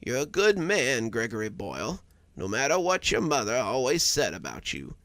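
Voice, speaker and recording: A man voicing a frail, sickly old widow in a storybook reading, speaking slowly in a raspy, wheezing voice. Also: medium pitch, big pitch swings, fairly bright tone, no echo. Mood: teasing. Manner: slow, drawn-out delivery. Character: frail, sickly old widow who runs a shop, stubborn and proud.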